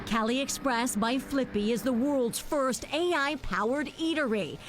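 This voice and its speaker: A woman TV news reporter delivering a report in a crisp, upbeat way. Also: high-pitched, a little slow. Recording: ambient noise on location.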